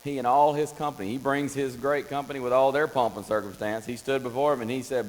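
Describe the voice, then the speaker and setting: A man preaching a Bible study in a church, telling the story with lively acted-out voices. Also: mid-range voice, fast talker, hardly any pauses. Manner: animated storytelling, acts out voices of Bible figures. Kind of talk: Bible class teaching. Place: church classroom. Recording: long hall reverb with faint mains hum.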